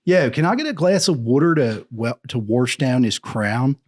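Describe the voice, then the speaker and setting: A man voicing a gruff guy, slow, loud and drawled. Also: mid-range voice, animated, voice pushed up, natural voice. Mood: mock-casual. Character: gruff Philly guy with a thick local accent.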